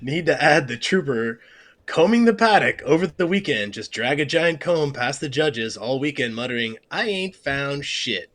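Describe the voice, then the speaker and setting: A man's voice: fairly high pitch, lively intonation, normal speed, a bit bright. A man co-hosting a casual car-racing podcast, reading listener comments playfully. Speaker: podcast co-host.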